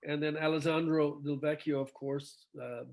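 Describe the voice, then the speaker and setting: A man's voice: fairly high pitch, steady tone, normal speed, crowd noise. A middle-aged male rock singer telling stories in a casual interview over a video call, acting out quoted dialogue and laughing often.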